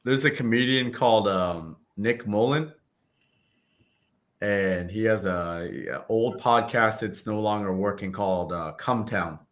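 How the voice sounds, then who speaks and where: Middle-aged male host, bright forceful voice, relaxed profane banter. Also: lowish voice, measured pace. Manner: laughing, loose storytelling with profanity. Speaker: podcast host. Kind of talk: casual chat.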